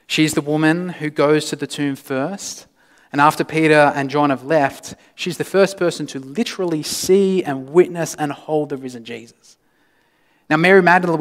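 Man preaching in an echoing church. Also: on the high side. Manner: swings from loud emphasis to hushed, near-whispered lines. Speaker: pastor. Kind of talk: sermon. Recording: long reverb of a church hall.

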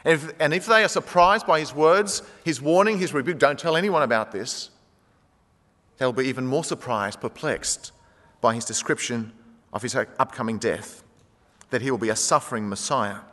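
Animated preacher in a reverberant hall. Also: male voice, mid-range voice, normal speed. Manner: animated, acts out quoted speech. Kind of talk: sermon.

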